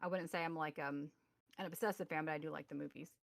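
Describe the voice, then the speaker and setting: A woman's voice: low voice, steady tone, fast, creaky, no echo. Rambling woman co-host on a dry mic. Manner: rambling, with many fillers and restarts. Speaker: podcast co-host. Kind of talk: casual chat, reading articles aloud. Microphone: remote call mic.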